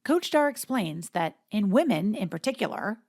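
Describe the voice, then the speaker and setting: A woman, the podcast host, reading scripted voice-over narration in a measured, informative way. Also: mid-range voice, big pitch swings, vocal fry, darkish tone, no echo, studio quality.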